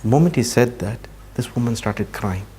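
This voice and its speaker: A man giving a talk to an audience, telling a story at an unhurried pace and dropping his voice to near-quiet at emotional moments. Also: medium pitch, animated, slight background noise. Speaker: speaker at a training session.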